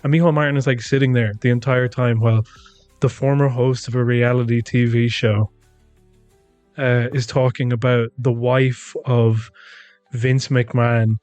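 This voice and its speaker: A man's voice: mid-range voice, level tone, a little slow, a little mellow, dry recording, faint music behind. Chatty Irish man recounting with mimicry. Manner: chatty, retells events with quoted mimicry. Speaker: podcast co-host. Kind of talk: casual chat.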